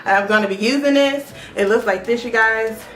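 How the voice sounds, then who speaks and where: A young woman chatting casually as a beauty vlogger, excitable and talking straight to her viewers. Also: a little high, a little fast. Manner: chatty and excitable, often addresses the viewers directly. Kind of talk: casual unboxing chat. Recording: echoey room with faint background music.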